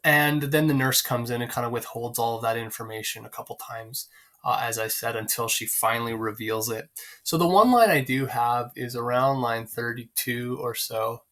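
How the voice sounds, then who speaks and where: Bright-voiced male teacher explaining a play. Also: mid-range voice. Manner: conversational, many fillers, pauses to find lines. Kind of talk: explaining a play to students, casual.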